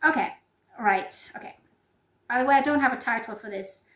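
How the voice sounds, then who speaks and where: A woman with a Norwegian accent talks in a loose, rambling vlog style, often stopping to apologize and start over. Her voice sits a little high. The room around her rings with echo. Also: normal speed, fairly bright tone. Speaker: YouTuber. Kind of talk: casual improvised vlog chat. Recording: echoey room.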